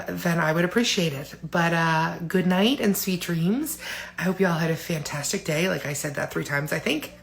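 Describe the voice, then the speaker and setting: A woman's voice: fairly low pitch, a bit bright. A woman in her forties, tired, telling a rambling, candid story in a casual personal vlog from home, full of fillers. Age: 40s. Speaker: vlogger.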